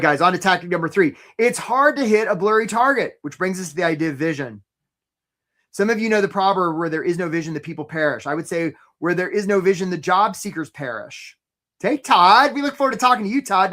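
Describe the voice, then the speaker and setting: A man's voice: high voice, pushed and bright. A man hosting a live career webinar, talking energetically and conversationally, often checking in with "right?" and greeting attendees by name.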